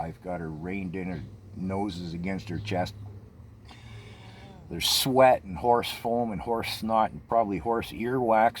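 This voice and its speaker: Older male storyteller, low register, tense and halting delivery, light ambient noise. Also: darkish tone. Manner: tense, halting retelling with many restarts. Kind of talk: personal storytelling.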